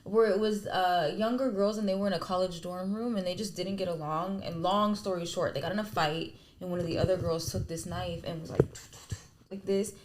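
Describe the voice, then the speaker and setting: A woman's voice: fairly low pitch, steady tone, a little fast, a little hiss or hum. Chatty woman retelling a story. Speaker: podcast cohost. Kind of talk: casual storytelling.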